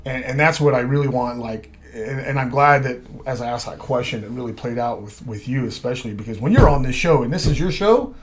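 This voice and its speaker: A man's voice: medium pitch, brisk, few pauses. A man co-hosting a podcast conversation about addiction, speaking in an earnest and encouraging way.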